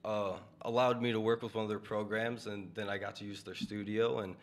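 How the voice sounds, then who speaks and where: A man's voice: on the low side, little pitch movement, brisk. A young man, a musician guest, chatting in a laid-back, slangy way and laughing easily. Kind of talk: casual interview chat.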